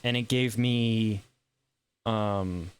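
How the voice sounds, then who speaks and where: A man streaming a video game, chatting casually about his plays with self-amused asides and quick reactions. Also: on the low side, steady tone, slight background noise. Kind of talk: casual gameplay commentary.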